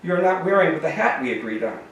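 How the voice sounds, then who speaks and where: A menacing macho man in black leather who speaks in a startlingly high, prissy voice, as a man reads him aloud. He is stern and commanding, and it sounds like a reading in an echoey room caught from a distance. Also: animated, a little fast, dull audio, natural voice. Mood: mean prissy. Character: grim leather-clad adult man, mean, with a high effeminate voice.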